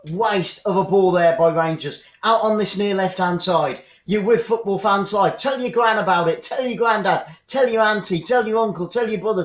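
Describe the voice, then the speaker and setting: A man hosting a live fan football commentary stream, upbeat and chatty, greeting viewers by name. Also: high voice. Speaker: football commentator and channel host. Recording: echoey room, dull lo-fi sound.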